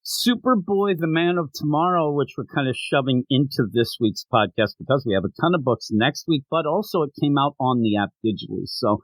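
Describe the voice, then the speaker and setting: A middle-aged man co-hosting a comics podcast, chatting casually and rambling through jokey stories with animated bits. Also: mid-range voice, brisk, few pauses, no echo, studio quality. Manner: rambling, jokey, animated, acts out silly voices. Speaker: podcast co-host. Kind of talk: casual chat.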